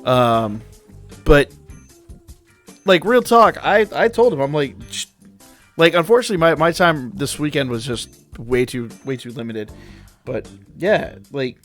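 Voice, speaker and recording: Give me a game streamer, a man with a slightly high voice, ranting casually and cussing to his chat. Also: lively intonation, a little slow, long pauses. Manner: rambling, profane, answers chat. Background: faint background music.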